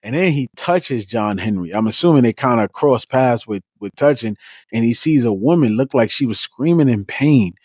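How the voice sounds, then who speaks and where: A man co-hosting a casual book club discussion, relaxed, retelling scenes with quoted lines and casual slang. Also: medium pitch, normal speed, slightly rough, no echo, studio quality.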